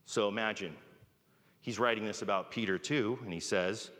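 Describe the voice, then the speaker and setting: A man's voice: fairly low pitch, normal speed, a bit bright. A man preaching a sermon in a conversational way, often checking in with "right?". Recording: long reverb of a large hall.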